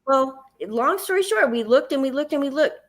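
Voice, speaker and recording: Her high voice is a bit bright, with lively intonation and a moderate pace. Hosting a livestream in a Southern US accent, she tells a long personal story and acts out her panic in the quoted bits.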